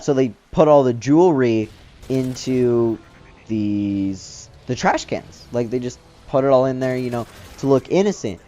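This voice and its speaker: Male gaming host, loose rambling storyteller, mellow dark tone, dull lo-fi mic. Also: mid-range voice. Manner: rambling, loose, filler-heavy talk. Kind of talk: casual storytelling over gameplay commentary.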